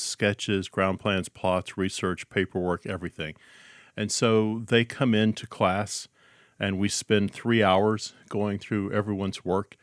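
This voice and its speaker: A man's voice: lowish voice, no echo. Dry-voiced man talking on a podcast. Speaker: podcast co-host, teacher. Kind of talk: casual podcast talk and comic read-out announcement.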